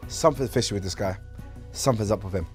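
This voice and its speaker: A man's voice: lowish voice, quick pace, soft background music. A young man on a panel in a group game video, questioning players and laughing. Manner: laughing while he quizzes the players. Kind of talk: joking group banter.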